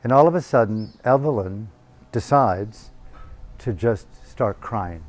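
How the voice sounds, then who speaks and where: A man teaching a meditation retreat, telling a family story in an animated, profane way into a handheld microphone. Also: fairly low pitch, unhurried. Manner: animated, profane, acting out voices. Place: retreat hall.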